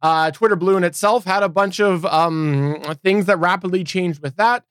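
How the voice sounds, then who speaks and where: A man's voice: high voice, normal speed, fairly bright tone, smooth, dry recording, clean studio sound. A man co-hosting a geek news podcast, talking casually and often restarting his phrases. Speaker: podcast co-host. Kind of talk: casual chat.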